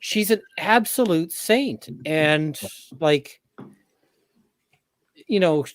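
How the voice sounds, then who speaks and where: A man co-hosting a livestream, speaking in a halting, soft-spoken way with many fillers. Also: a little high, lively intonation. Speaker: co-host. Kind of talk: casual livestream chat.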